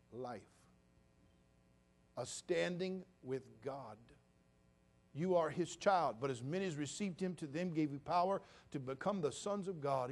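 A man, preaching a sermon as pastor to his church, moving from quiet confiding talk to loud, emphatic preaching. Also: mid-range voice.

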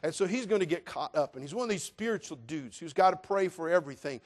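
A man preaching a humorous sermon, telling a comic story with animated delivery and sudden loud exclamations. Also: on the high side, fast talker, few pauses. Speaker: pastor.

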